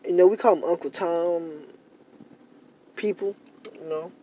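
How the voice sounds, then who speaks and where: High-voiced young man talking casually. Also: steady tone, a little slow, warm tone. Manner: rambling, repeats himself with many fillers; grows heated and emphatic. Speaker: vlogger. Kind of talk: casual monologue to camera.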